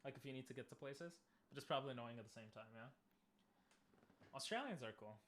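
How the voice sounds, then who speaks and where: A young man casually commenting on a game he is playing, chatting with viewers and bursting into loud cheers. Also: mid-range voice, fast talker, a little hiss or hum. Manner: talks to chat, asks viewers questions. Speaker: streamer.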